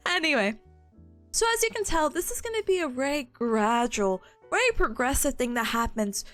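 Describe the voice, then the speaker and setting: A high-voiced young woman with a hoarse, worn-out voice talks through her study notes. She is bubbly and chatty and giggles easily. Faint music plays in the background. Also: animated, moderate pace, a bit bright. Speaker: streamer reviewing study notes. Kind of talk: casual study stream.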